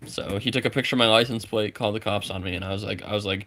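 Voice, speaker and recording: Young guy ranting a story, lots of cursing and "like", kinda low voice. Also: steady tone, very fast, a bit bright. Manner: rambling, frequent swearing and filler words. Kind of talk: casual storytime rant.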